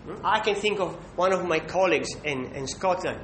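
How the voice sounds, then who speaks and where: A man preaching a sermon, emphatic, pausing to check in with listeners with a questioning "hmm". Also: lively intonation, a bit bright. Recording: echoey room with faint rumble.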